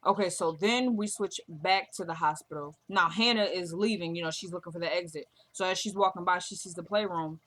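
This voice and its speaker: Chatting casually about a TV drama episode, a woman retells scenes by quoting the dialogue, laughing and raving about the cast. She speaks briskly with few pauses, in a low-leaning voice that's a bit bright.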